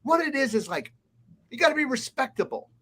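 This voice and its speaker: A man's voice: very high voice, sing-song, a little fast, bright, forceful tone, slightly rough. A man, a restaurant consultant, giving blunt, emphatic advice as a guest in a casual interview. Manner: blunt, emphatic, lists points.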